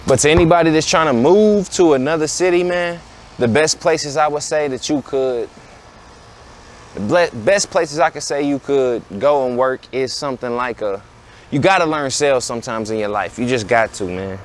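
A man's voice: medium pitch, moderate pace, a little hiss or hum. A man around thirty, hosting a podcast and giving blunt, preachy life advice in a casual monologue that keeps circling back to rhetorical questions. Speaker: podcast host.

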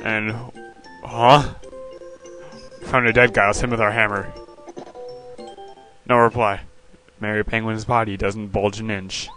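A man giving quiet, offhand, sarcastic commentary while playing a video game. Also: on the low side, little pitch movement, a little slow, pauses often, faint music behind. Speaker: let's play commentator.

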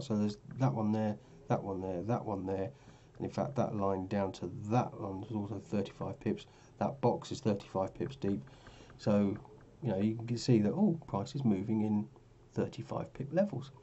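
A man's voice: fairly low pitch, moderate pace, few pauses, warm tone, highs cut off, slight background noise. Tired man talking through charts. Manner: rambling, self-correcting, tired and yawning. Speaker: forex trading vlogger. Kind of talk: casual screen-share commentary.

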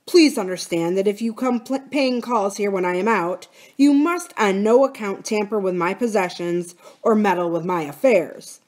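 A woman voicing a stern grown man who asks curt, sharp questions in a storybook. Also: mid-range voice, big pitch swings, unhurried.

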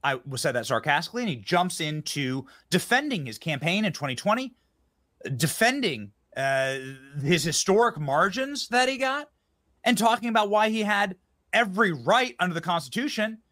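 Man, political commentary host, high voice, very animated pitch, indignant, insulting, stumbling restarts. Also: normal speed. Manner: indignant, name-calling, many restarts.

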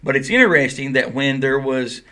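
A man's voice: mid-range voice, expressive, fairly quick, bright, forceful tone. A man hosting a casual podcast, explaining at length in a loose, chatty way. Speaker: podcast host. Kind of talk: casual chat.

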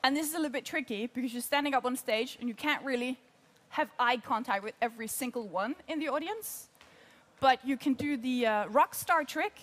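High-voiced lively woman coach. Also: fairly quick. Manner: lively, chatty, laughs often. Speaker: presentation coach. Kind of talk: workshop teaching.

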